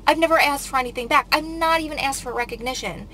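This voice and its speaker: Upset lady venting on her vlog, rambling w lots of likes, kinda tense sharp voice. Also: high voice, fast talker, a little hiss or hum, rough recording. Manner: emotional, rambling, many "like" fillers. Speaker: vlogger. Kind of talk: casual confessional storytime.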